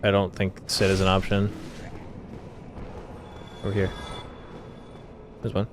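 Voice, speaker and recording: A man's voice: deep voice, completely flat delivery, slow pace, background noise. A young man co-hosting a game playthrough, laughing often and teasing while guiding the player. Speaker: gaming co-host. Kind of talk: casual let's play chat.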